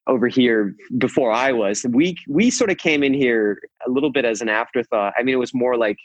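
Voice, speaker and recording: A man's voice: mid-range voice, brisk, no room sound, low-quality recording. A man in his forties with a Californian American accent, a guest musician rambling through a casual interview with many restarts. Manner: rambling, many restarts and fillers, laughs often.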